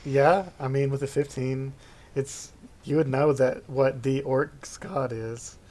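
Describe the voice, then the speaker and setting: A man serving as game master, relaxed as he explains rules and narrates the enemies' actions. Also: mid-range voice, slow pace. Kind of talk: running a tabletop game.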